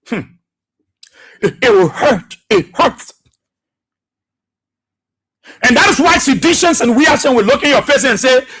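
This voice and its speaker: A man's voice: extremely high pitch, fairly bright tone, slightly rough. A man giving emphatic, repetitive political commentary as a radio talk show host.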